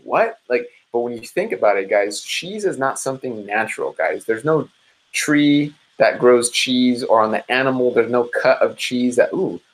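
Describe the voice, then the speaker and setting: Over poor-quality audio, a medium-pitched man runs a live-stream support session as a dietitian, giving advice in a casual, chatty way. He's upbeat and animated, addresses everyone as "guys," and does lively impressions of his listeners in quoted asides.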